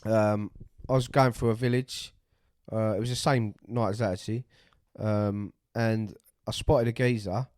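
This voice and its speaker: A man's voice: lowish voice, steady tone, unhurried, few pauses, a little mellow, no echo, studio quality. Man telling a gaming story. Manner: swears freely, acts out quoted voices. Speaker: podcast co-host. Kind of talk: casual chat, storytelling.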